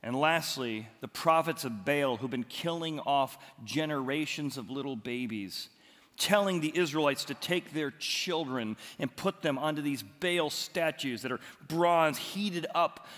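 A man preaching a sermon as the pastor, telling stories with lively, animated bursts of loud excitement. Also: a little high, measured pace. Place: church auditorium. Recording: long reverb of a large hall.

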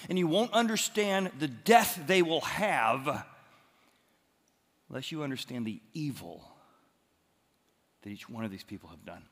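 A man preaching a sermon as the pastor, telling stories with lively, animated bursts of loud excitement. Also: on the high side, measured pace, pauses often. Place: church auditorium. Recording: long reverb of a large hall.

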